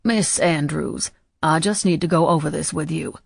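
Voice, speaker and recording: A woman voicing a tall, sweaty businessman with a Southern accent, speaking politely and deliberately. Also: deep voice, creaky, slightly rough, no echo, heavily acted. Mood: persistent.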